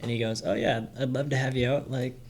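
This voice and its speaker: A man's voice: medium pitch, flat delivery, fast talker, a little hiss or hum. A man hosting a podcast, chatting in an easygoing way and laughing readily. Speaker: podcast host. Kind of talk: casual podcast chat.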